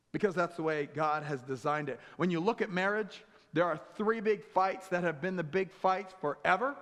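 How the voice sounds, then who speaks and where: High-voiced pastor in a reverberant church. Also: male voice, fairly bright tone. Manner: humorous storytelling, acts out dialogue. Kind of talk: sermon. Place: church sanctuary. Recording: long church hall reverb.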